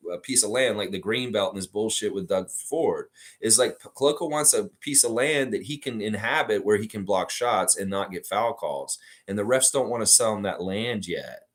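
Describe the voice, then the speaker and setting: A man hosting a casual sports livestream, rambling and reading chat messages aloud. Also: on the low side. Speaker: livestream host.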